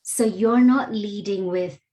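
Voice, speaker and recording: A woman guest on an interview, explaining things in an earnest, measured, teacherly way. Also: mid-range voice, dark tone. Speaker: guest, DEI educator.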